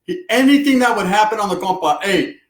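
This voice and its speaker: A man with a high voice swaps stories in relaxed, profane street slang. He laughs easily while he talks. The room around him rings with a clear echo. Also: fast talker. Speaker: podcast co-host. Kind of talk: casual storytelling chat.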